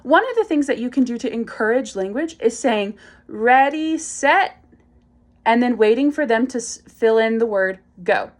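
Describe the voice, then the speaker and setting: A woman explaining speech activities to parents, clear and encouraging, acting out the example phrases with strong emphasis. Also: a little high, animated, a little fast, hardly any pauses. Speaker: speech and language instructor. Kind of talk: instructional demonstration for parents.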